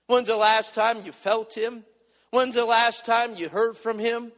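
Male preacher, high voice, impassioned sermon, reverberant church hall. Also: a bit bright. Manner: impassioned, rising and dropping in volume, acting out prayers.

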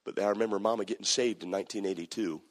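Husky preacher in an echoey hall. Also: male voice, fairly low pitch, fairly even intonation, very fast. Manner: swings from hushed storytelling to shouting. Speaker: pastor. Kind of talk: sermon. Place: church sanctuary.

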